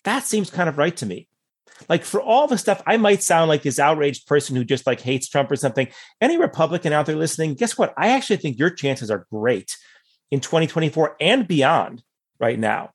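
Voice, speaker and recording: A man giving conversational political analysis as a guest, thoughtful and measured, hedging his points with asides. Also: on the high side, sing-song, slightly rough.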